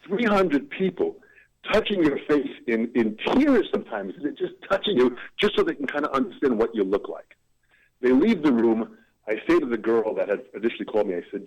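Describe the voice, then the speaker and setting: An ebullient man spinning a story as an interview guest, his voice leaping up and dropping low as he builds the drama. His pitch sits at a middle height for a man, and he leans hard into each turn of the tale. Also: lively intonation, a little fast, darkish tone, highs cut off. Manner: ebullient, dramatic vocal swings. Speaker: guest drummer and motivational speaker.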